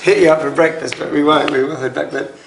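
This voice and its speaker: Male host saying thanks, chatty and grateful, bit high and gravelly, echoey room. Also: fairly even intonation, fast talker, a little hiss or hum. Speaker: show host. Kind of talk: thanking guests. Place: large home kitchen.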